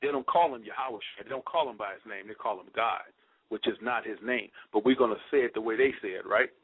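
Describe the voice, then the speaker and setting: A man's voice: lowish voice, fast talker, slightly rough. Preachy man on a tinny line. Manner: emphatic, preachy, slangy, repeats points. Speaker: speaker addressing listeners. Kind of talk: conspiracy lecture. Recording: dry tinny phone-like sound.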